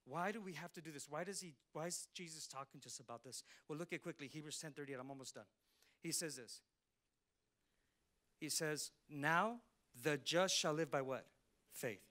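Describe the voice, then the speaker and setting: A male pastor preaching a sermon to his congregation, swinging between fired-up calls and quiet asides. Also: fairly high pitch.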